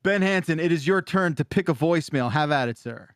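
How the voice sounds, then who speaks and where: A man's voice: fairly high pitch, lively intonation, brisk, clean tone, dry recording, studio quality. A man co-hosting a casual podcast, telling rambling stories about his son with many restarts. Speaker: podcast co-host, father.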